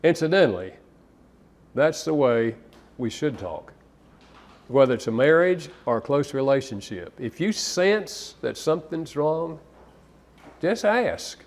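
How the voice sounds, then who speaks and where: A man's voice: fairly high pitch, big pitch swings, measured pace, long pauses. A man counselor giving a live seminar talk to an audience, conversational and anecdotal, with occasional restarts. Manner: conversational, storytelling, some repeated restarts.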